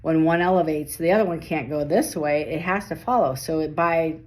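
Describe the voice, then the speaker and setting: Low-voiced rapid-fire woman reading tarot. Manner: rapid-fire, stops and restarts mid-sentence. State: tired, late at night. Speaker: tarot reader.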